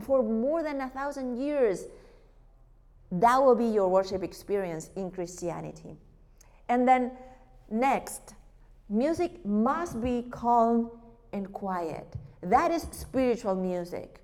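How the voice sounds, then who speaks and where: Animated woman lecturing in a reverberant hall. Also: a little high. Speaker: worship teacher. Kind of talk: lecture to a church group.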